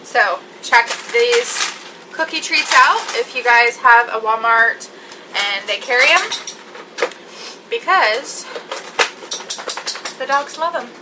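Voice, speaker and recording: Chatty young woman vlogging slowly. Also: on the high side. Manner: chatty, upbeat, giggly. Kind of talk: casual chat to camera. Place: home kitchen. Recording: home camera with clear background noise.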